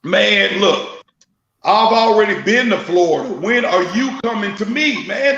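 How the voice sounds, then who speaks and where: A man's voice: high voice, a little slow, roomy sound, dull audio, a little hiss or hum. A man, a guest drag racer telling stories with a laugh in a casual chat. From Memphis, Tennessee. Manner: animated storyteller, laughs often.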